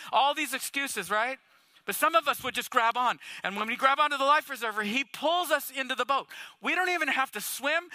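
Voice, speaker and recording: A man with a very high, sharp and bright voice delivers a sermon. He preaches in an animated, conversational way and keeps throwing rhetorical questions at his listeners. The sound is close and dry. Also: a little fast, dry recording. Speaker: pastor.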